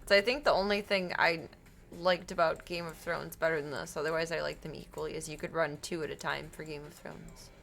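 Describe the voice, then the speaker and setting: A woman's voice: sits low, steady tone, brisk, creaky, a bit bright, faint music behind. A young woman live-streaming, chatting casually with a giggly, rambling, self-deprecating manner.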